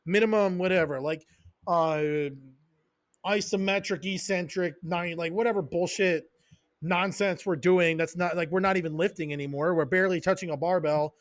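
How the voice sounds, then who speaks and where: A man with a fairly high voice rants on a casual podcast as a strength coach. He swears freely, hammers short repeated phrases and drifts into tangents. The sound is dry and close, with no room around it. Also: fairly even intonation, moderate pace, dry recording. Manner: profane, fired-up, goes on tangents.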